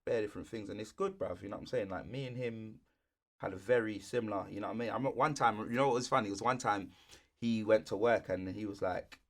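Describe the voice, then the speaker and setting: A young man, co-hosting a podcast in relaxed chat full of street slang. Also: fairly low pitch, fast. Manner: laid-back, heavy street slang. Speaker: podcast co-host. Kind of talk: casual chat.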